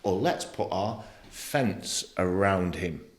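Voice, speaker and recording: A man in his fifties speaks as a podcast guest, blunt and animated, with frequent swearing. His voice sits on the low side. The room around him rings with a noticeable echo. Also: slow. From England. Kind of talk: candid interview conversation.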